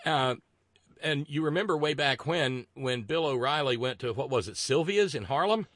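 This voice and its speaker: Animated man hosting a comedic chat. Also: medium pitch, dry recording. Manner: animated storyteller, drawn-out asides. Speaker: podcast host. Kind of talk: casual comedic political chat.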